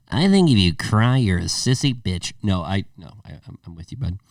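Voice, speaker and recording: Laid-back male podcast co-host, low voice, casual swearing, dry room, mic set back. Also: sing-song, normal speed, no room sound, recorded from a distance. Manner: laid-back, swears, says bro and dude a lot.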